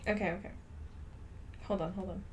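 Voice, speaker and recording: A young woman streamer reading a story aloud in a soft, half-whispered voice, with loud outbursts of commentary. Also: mid-range voice, fairly even intonation, brisk, slight background noise.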